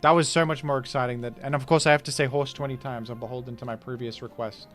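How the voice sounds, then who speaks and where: A man hosting and commentating a live online game tournament, excitable and playful, swinging from loud hype to quiet thanks. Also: mid-range voice, fast talker, faint music behind.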